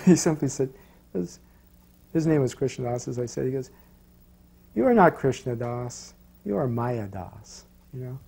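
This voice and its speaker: A man's voice: on the high side, gravelly, dark tone. A man recalling past events in a loose, rambling way, full of "you know"s and restarts. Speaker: interviewee recalling his guru. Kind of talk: casual storytelling.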